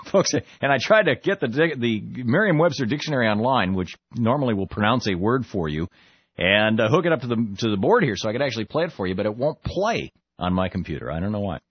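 A man's voice: medium pitch, big pitch swings, a little fast, slightly rough, no echo. A man hosting a political call-in radio show, emphatic and opinionated, often repeating words as he talks. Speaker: radio talk show host. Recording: slightly muffled radio broadcast.

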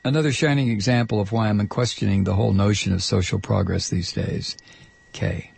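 Gravelly, indignant male talk host. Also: fairly low pitch, fairly even intonation, brisk, a little mellow, no echo. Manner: indignant, sarcastic, ranting. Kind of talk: political commentary monologue.

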